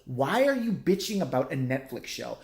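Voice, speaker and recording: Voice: mid-range voice, sing-song, normal speed. A middle-aged vlogger in a profane, sarcastic, rambling rant. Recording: roomy echo.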